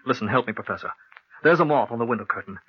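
A man's voice: mid-range voice, animated, racing, slightly rough. An actor playing a passionate young man in love who pleads and insists, in 1940s radio acting style. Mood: insistent. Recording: dry, dull old radio recording.

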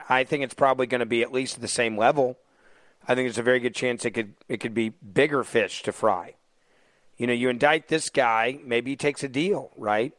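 A man's voice: mid-range voice, a bit bright, no room sound. A man hosting a talk radio show, mocking the news with heavy sarcasm and taking calls from listeners.

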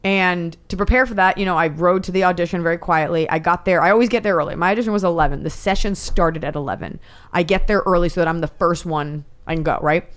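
A woman comedian talks as a podcast guest in a somewhat low voice, spinning her stories with lively energy. She slips into the voices of the people she quotes as she goes. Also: fast talker. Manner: animated storytelling, acts out quotes. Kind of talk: casual podcast chat.

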